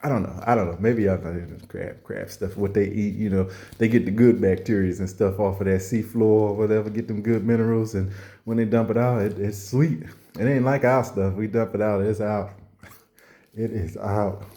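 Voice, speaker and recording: A man doing a rambling comedy monologue, acting out little scenes and slipping into hushed asides. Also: fairly low pitch, steady tone, normal speed.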